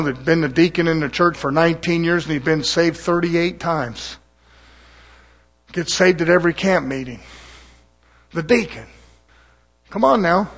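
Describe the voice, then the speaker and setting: A middle-aged man preaches with a fiery, mocking delivery. He calls out to his congregation, and his voice sits high for a man. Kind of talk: sermon.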